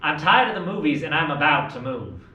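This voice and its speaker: A man's voice: mid-range voice, animated, unhurried, pushed and bright, dull audio. A young man acting a restless son desperate to leave home, speaking wistfully and then urgently, recorded from far off in an echoey room. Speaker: student actor. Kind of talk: stage play scene.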